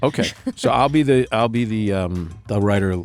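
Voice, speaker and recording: A middle-aged man, talking as a writer guest in a relaxed, wry interview, laughing often as he tells stories. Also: lowish voice, normal speed, soft background music. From Boston. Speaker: novelist and screenwriter guest.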